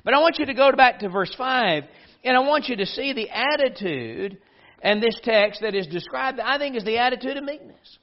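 High-voiced man preaching a sermon. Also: lively intonation, normal speed, dull audio. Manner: earnest, rising to emphatic declarations.

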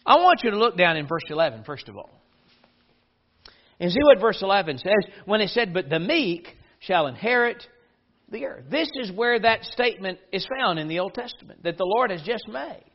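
A man's voice: sits high, very animated, normal speed, muffled recording. A man preaching a sermon to his congregation, earnest and rising to emphatic declarations.

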